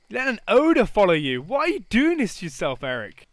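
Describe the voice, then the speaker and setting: A young man commentating a life-sim game, teasing his characters and bursting into yells and swearing. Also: on the high side, brisk, hardly any pauses, no echo. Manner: excitable, bursts into shouts, swears, teases the characters. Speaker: gaming YouTuber. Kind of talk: let's play commentary.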